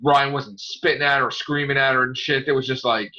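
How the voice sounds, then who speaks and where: A man hosting a casual podcast chat, animated and acting out scenes with loud outbursts. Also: mid-range voice, brisk, dull audio. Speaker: podcast host.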